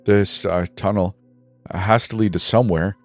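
Man voicing a scared teen boy faking courage, hesitant, deep and low. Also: fairly even intonation, moderate pace, soft background music. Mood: nervous planning. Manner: hesitant, forced bravado. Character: teenage boy, nervous, leading the group.

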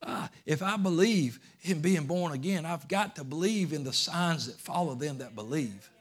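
A pastor preaching a sermon, telling a story that swings from hushed, low asides to emphatic, raised declarations. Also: male voice, moderate pace, breathy edge.

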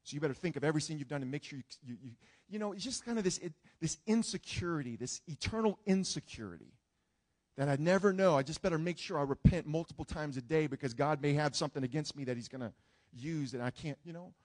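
A male pastor preaches earnestly, telling a story and often restarting his phrases. His voice sits a touch high for a man. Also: fast talker, a little mellow. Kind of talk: sermon.

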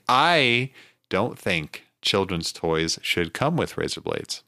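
A man's voice: low-pitched, big pitch swings, slow, bright, forceful tone. A man co-hosting a podcast, trading dry, sarcastic jokes in casual chat. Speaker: podcast co-host.

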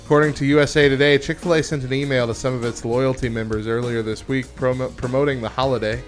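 A man's voice: mid-range voice, fairly even intonation, fast talker, faint music behind. Laid-back man co-hosting a radio show. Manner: laughs often, reads aloud then riffs loosely. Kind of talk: casual radio chat and reading.

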